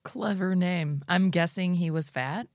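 A woman's voice: on the low side, unhurried, no echo, studio quality. A woman co-hosting a casual chat, reacting to a story with wry, sarcastic asides and casual swearing. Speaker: podcast co-host listening and reacting.

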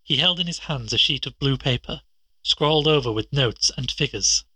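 Bright, husky male storyteller. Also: medium pitch, normal speed, no echo. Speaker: narrator. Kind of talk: scripted audiobook narration.

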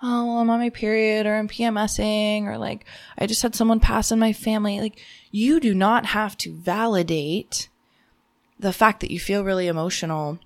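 A young adult woman hosting a podcast, giving a gentle motivational talk in a soothing, reassuring way, often saying "like". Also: lowish voice. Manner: soothing, reassuring, frequent "like" fillers. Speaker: podcast host.

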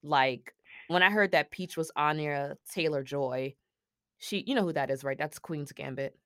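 A woman co-hosting a casual movie review podcast, animated and exclaiming, with slangy talk. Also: deep voice, moderate pace, dry recording, clean studio sound. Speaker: podcast co-host.

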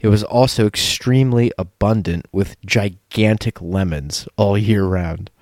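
A man's voice: lowish voice, unhurried, no echo, studio quality. A man hosting a podcast, reading a listener's letter aloud in a loose, casual chat. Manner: lively, laughing, loose. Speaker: podcast host.

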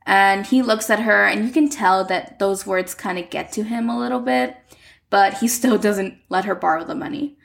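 A woman's voice: mid-range voice, moderate pace, gravelly. A young woman recapping a telenovela in a casual, chatty way, filling her sentences with "like". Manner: chatty, uses "like" a lot.

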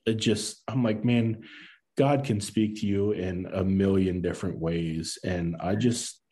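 A man in his thirties tells a personal story in a low, mellow voice. He speaks in earnest and acts out the lines of the people in it. His casual speech is full of fillers. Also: fairly even intonation, unhurried. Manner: earnest, acts out quoted dialogue, many fillers. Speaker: podcast guest.

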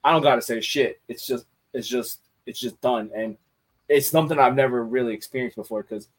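A man's voice: mid-range voice, brisk, rough recording. A man chatting candidly on a podcast, swearing freely and restarting his sentences as he thinks. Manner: candid and profane, repeats words while thinking. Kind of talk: casual podcast chat.

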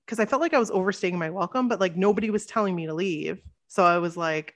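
Animated woman podcast host telling a story. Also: medium pitch, fast talker, few pauses. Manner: animated, acts out quotes with shifting voice. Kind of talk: casual storytelling.

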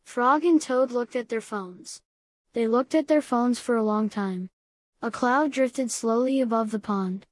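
A woman narrating a storybook aloud in a calm, deadpan way. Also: fairly high pitch, unhurried, no echo.

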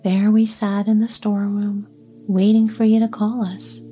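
A woman's voice: mid-range voice, level tone, normal speed, dark tone, faint music behind, natural voice. A woman voicing stout, out-of-breath talking cabbages in a whispered role-play storybook reading. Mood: breathless.

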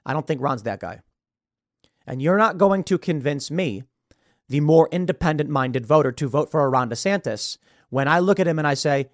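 A podcast host delivers opinionated political commentary, animated and quick to slip into voices. His voice sits fairly high for a man, recorded dry and close in a studio. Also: no echo. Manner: opinionated, animated, slips into impressions.

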